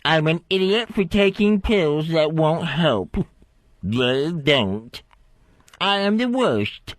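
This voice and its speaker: A man's voice: fairly high pitch, animated, no echo. Droopy Dog, a mournful drawling cartoon dog, as a man puts him on. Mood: glum, self-pitying. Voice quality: drawling, lisping lilt. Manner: slow mournful self-insults. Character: gloomy self-loathing cartoon dog, slow droning inner critic. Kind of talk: comic bit on talk radio.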